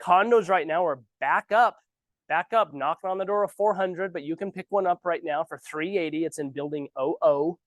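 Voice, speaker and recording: A man's voice: on the high side, moderate pace, no echo. Ranting man coaching new realtors. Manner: animated, ranting, sarcastic asides. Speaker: real estate trainer. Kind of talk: casual training talk. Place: office training room.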